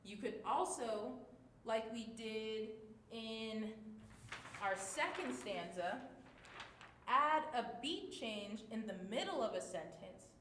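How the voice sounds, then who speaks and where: A woman teaching a livestreamed class, speaking slowly and encouragingly. Her voice sits a little high. The room is echoey, with a faint rumble behind her. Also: lively intonation, a bit bright. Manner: encouraging, marks the tone for each line. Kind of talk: livestreamed class, reading aloud.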